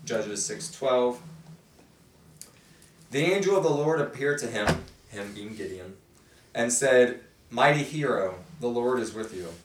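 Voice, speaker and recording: Man, mid-pitch, conversational Bible study host, animated quote reading; distant mic, roomy sound. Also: a little hiss or hum. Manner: conversational, voices the characters' quotes with feeling. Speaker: host reading and explaining scripture. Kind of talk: casual Bible study teaching.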